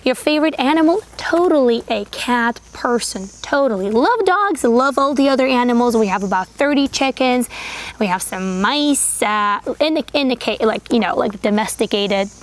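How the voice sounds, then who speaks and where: A woman of thirty hosting a sewing channel, with a high, unusual voice that some call squeaky, chatting earnestly with lots of fillers and restarts. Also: animated, moderate pace. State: voice getting tired and groggy. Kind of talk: casual chat to camera.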